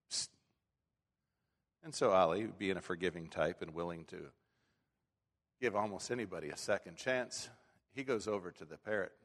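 A man preaching a sermon as a pastor in a church, talking in a folksy, conversational way with frequent restarts. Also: low-pitched. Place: church sanctuary. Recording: long hall reverb.

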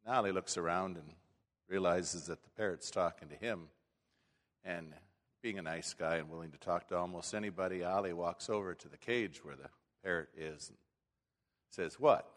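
A male pastor delivers a sermon in an easygoing, conversational style, often stopping and restarting his phrases. His voice sits low. Long reverb from the sanctuary lingers behind his words. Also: moderate pace, a bit bright. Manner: folksy, conversational preaching with frequent restarts. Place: church sanctuary.

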